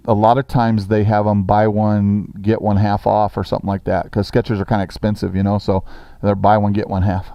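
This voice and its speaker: Speaking at a fairly low pitch with a gravelly yet mellow voice, a middle-aged teacher leads a sixth-grade language class. He's brisk and encouraging, slowly reading sentences for the kids to copy. No echo is present, though the audio is dull.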